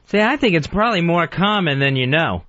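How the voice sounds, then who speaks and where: A man's voice: fairly high pitch, expressive, fairly quick, sharp tone, dry recording, dull audio. A man co-hosting a radio talk show, telling stories earnestly and defending himself.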